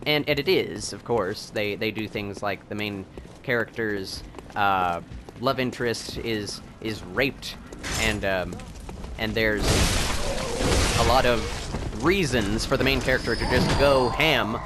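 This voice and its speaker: A man hosting a video game playthrough, rambling and excitable, and laughing often as he plays. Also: fairly low pitch, slow pace, noisy background. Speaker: let's play host. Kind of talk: gameplay commentary.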